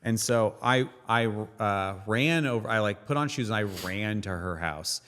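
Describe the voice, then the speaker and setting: A man in his thirties with a low voice recounts his past in a candid, self-mocking way, sinking to a quiet mutter at the grim parts. His voice carries a long reverb tail. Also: animated, measured pace, slight background noise. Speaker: podcast guest, stand-up comedian. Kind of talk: casual storytelling interview.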